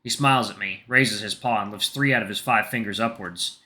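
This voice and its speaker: A man's voice: on the low side, a little fast, hardly any pauses, bright, forceful tone. A man reading a visual novel aloud, narrating its story in the first person. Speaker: gaming channel narrator.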